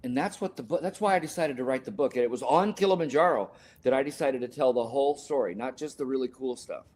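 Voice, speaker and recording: This older man talks fast in a mid-range, slightly mellow voice while telling a personal story in a podcast interview. A sports scientist and author appearing as a guest, he's earnest and emotional and now and then corrects himself.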